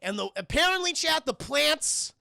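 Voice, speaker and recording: Gravelly, high-voiced male streamer. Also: moderate pace, no echo, studio quality. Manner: animated, profane, keeps addressing chat. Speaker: streamer film reviewer. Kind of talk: casual scene-by-scene film recap to live chat.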